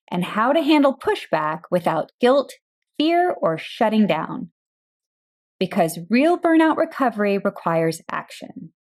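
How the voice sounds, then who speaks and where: Woman, coaching podcast host, calm direct monologue, mid-pitched voice.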